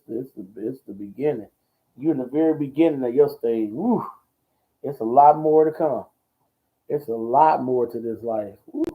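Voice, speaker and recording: A man hosting a ministry talk show who preaches in a loud, bold, slangy way, repeating his phrases and answering viewer comments. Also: medium pitch, vocal fry, poor audio.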